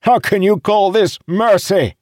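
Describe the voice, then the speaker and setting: A man voicing a desperate male ship captain who shouts and pleads in anguish, losing his ship. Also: on the low side, lively intonation, slow pace, no room sound, studio quality, voice pushed up. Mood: frantic rage. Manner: yelling, anguished.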